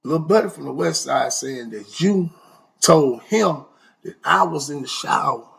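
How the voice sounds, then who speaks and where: Raspy, gravelly man telling stories. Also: a little high, a little slow. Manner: animated, slangy, voice leaps up for emphasis. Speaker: storyteller recounting prison life. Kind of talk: casual storytelling.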